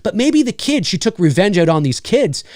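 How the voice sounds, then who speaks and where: Man, podcast co-host, casual profane chat, slightly high voice, dry close sound. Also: moderate pace, no echo. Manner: profane, animated storytelling with many fillers.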